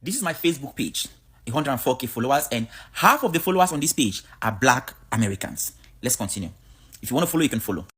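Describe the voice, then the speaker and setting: A woman's voice: rumbling low, big pitch swings, fast, a bit bright, husky. A woman from Cameroon, giving a blunt, outspoken vlog monologue. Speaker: vlogger.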